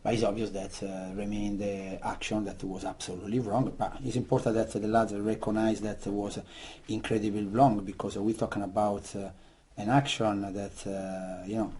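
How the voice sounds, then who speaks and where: A low, dark, husky male voice talks haltingly in a press interview, stopping often and filling gaps with "uh". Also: little pitch movement. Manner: hesitant, halting, many fillers. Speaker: football manager.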